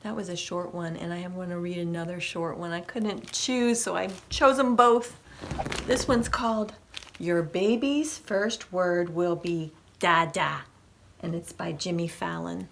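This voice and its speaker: A woman's voice: lowish voice, steady tone, a little slow, vocal fry, a bit bright, slight background noise. A woman reading picture books aloud at a children's storytime, making animal sounds and asking the young listeners questions. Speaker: children's librarian.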